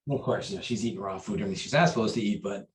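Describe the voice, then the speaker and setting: Martial arts instructor, male, low voice, chatty interview storyteller who restarts his sentences. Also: very fast, slight background noise, low-quality recording. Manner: rambling, with many fillers and restarts; acts out quoted dialogue with raised pitch and volume.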